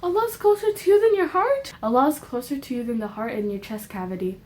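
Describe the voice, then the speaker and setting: A woman's voice: sits high, fast, dark tone. A young woman giving an earnest, emotional religious monologue to her viewers, repeating points with rising emphasis and dropping into casual slang asides. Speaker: faith vlogger.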